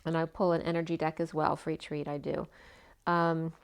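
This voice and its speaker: Casting note: woman tarot reader, slightly hoarse, lowish voice, rambling and chatty. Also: flat delivery, normal speed. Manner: chatty, meandering, full of asides. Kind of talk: casual spoken tarot reading.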